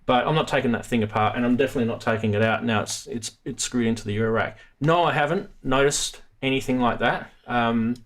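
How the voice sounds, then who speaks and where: A man's voice: medium pitch, fast talker, few pauses, a bit bright. A man hosting a live stream about synth modules, chatting casually and rambling with many restarts. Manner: rambling, self-interrupting, chatty.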